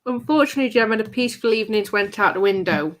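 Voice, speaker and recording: A woman's voice: fairly high pitch, animated, fast talker, slight background noise. A woman hosting a casual live chat stream, laughing often and bossing her co-host. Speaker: livestream host.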